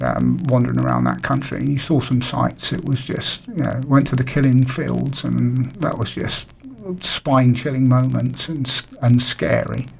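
A man's voice: medium pitch, creaky, darkish tone, slightly rough. A middle-aged man from Britain, a radio show guest, talking casually with many fillers and restarts.

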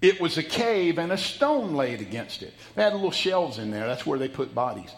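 Male pastor, folksy sermon delivery, higher-pitched voice, dramatic loud-soft swings. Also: sing-song, normal speed. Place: church sanctuary.

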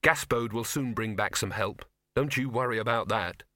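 A man's voice: mid-range voice, normal speed, bright, forceful tone, no room sound, clean studio sound, close to an everyday voice. A man as an earnest young hero. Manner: reassuring, earnest. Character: earnest young man, trying to stay brave.

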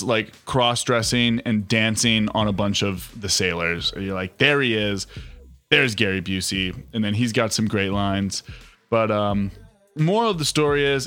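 A man, hosting a podcast in a loose, chatty way. He tells stories with sarcasm and a lively, swooping pitch, full of filler words. Faint music plays behind him. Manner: sarcastic, animated storytelling with many fillers. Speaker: podcast host. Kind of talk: casual chat.

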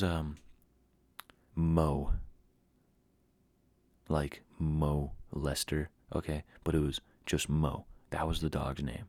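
A young man hosting a podcast, telling a rambling story in a casual, animated way with mocking asides. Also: a bass voice, a little slow, vocal fry, breathy edge, no room sound. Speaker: podcast host.

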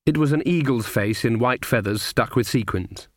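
Brief: male audiobook narrator, wry and measured, dry studio sound. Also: medium pitch, no room sound. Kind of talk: scripted narration.

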